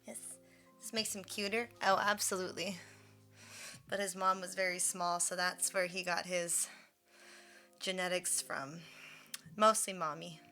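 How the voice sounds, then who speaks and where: A woman livestreaming, chatting casually, thanking subscribers and talking in a high sing-song baby voice to her dog. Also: fairly even intonation, a little slow, long pauses, sharp tone, faint music behind.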